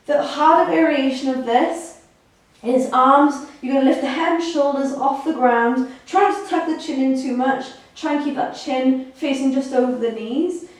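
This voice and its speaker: Woman personal trainer, fairly high voice, counts reps, encouraging; echoey room, mic some way off. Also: recorded from a distance. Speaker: fitness instructor. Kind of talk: guided workout instruction.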